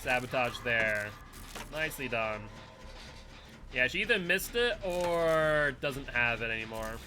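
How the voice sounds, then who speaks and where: A man's voice: mid-range voice, expressive, unhurried, pushed and bright. A man giving casual running commentary while playing a game live and chatting with viewers and teammates. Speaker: streamer.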